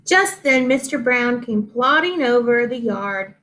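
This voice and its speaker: A woman reading a picture book aloud to children, slow and expressive, stopping to explain. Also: fairly high pitch, a little hiss or hum.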